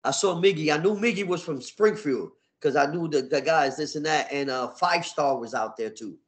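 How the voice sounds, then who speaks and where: A middle-aged man, a wrestler, telling stories in a casual interview, animated and full of swearing. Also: fairly high pitch, moderate pace. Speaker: wrestler guest. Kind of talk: casual storytelling.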